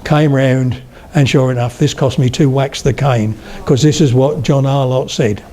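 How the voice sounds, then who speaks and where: A man's voice: medium pitch, steady tone, normal speed, warm tone, slight background noise. An older man giving a public lecture, telling humorous anecdotes as he goes. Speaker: speaker on the history of spoken English.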